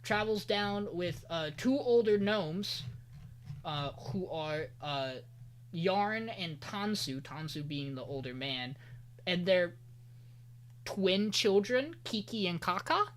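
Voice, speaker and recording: A man hosting an anime podcast, recapping an episode in a loose, profane way and quoting characters in quick voices. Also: high voice, animated. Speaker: podcast host.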